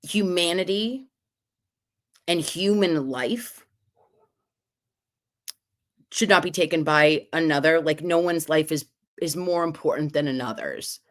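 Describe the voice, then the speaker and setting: A woman's voice: low-pitched, takes it slowly, pauses often. A woman hosting a casual livestream, chatty and gushing as she reads out viewer comments. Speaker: livestream host.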